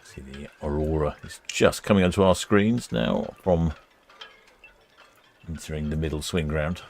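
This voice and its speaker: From a warm room by the quay, a British host with a very deep, darkish voice speaks at a measured pace on his live ship-watching stream, chatting casually and reading out comments from viewers.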